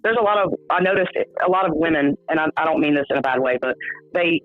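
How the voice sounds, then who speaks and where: Fast, blunt male caller on a phone line. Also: on the high side, no room sound. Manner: blunt, offhand. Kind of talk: casual call-in chat.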